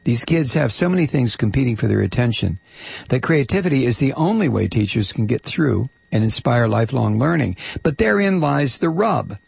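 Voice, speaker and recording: Gravelly man reading a letter aloud. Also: mid-range voice, big pitch swings, moderate pace, no echo. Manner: emphatic, sarcastic, stretches key words. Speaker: talk radio host reading a listener letter.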